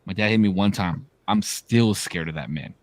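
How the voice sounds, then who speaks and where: Here the same kind of speaker, a podcast co-host in his thirties, has a deep voice at normal speed, recorded without echo. He's an animated storyteller whose casual talk runs slangy and profane.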